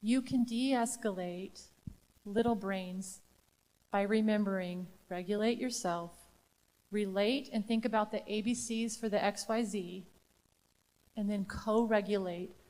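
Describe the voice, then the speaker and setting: A woman's voice: medium pitch, fairly even intonation, unhurried, darkish tone. Emphatic woman presenting in a reverberant hall. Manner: emphatic, with rhetorical questions to the audience. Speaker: workshop presenter for educators. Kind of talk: live training talk.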